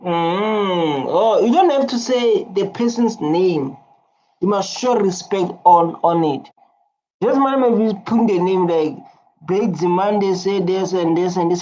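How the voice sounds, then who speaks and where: A man hosts a casual reaction video, talking in loose, informal English and laughing often. His voice is mellow. The recording sounds dull and lo-fi. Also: high-pitched, moderate pace.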